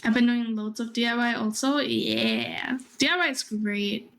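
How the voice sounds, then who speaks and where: A woman's voice: a little high, a little slow, vocal fry, fairly bright tone. A young adult woman streaming, chatting casually and rambling, often laughing as she talks. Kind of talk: casual chat.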